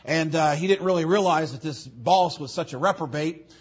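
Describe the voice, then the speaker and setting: A man's voice: fairly high pitch, moderate pace, breathy edge, highs cut off. A man preaching a sermon, rambling into stories and repeating his phrases for emphasis.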